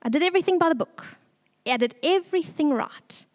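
A young woman giving an earnest, tearful church testimony, pausing often. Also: high-pitched, expressive.

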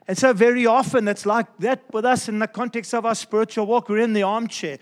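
A high-pitched man with a steady tone preaches a sermon as a pastor. He's emphatic, repeats his central phrases, and slows down when landing important points.

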